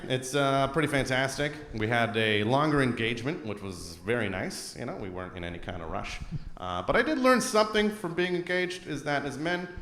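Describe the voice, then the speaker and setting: A Canadian man performing a stand-up comedy set on a club stage into a handheld mic, animated, swinging between loud bursts and low asides. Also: slight background noise. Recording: roomy club with crowd laughter.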